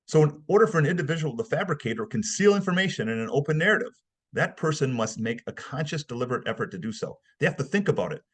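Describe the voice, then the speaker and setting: Man, webinar lecture, husky voice, conversational, emphatic. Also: fairly high pitch, very animated, fast talker. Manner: conversational, emphatic, acts out examples. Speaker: behavioral analysis instructor.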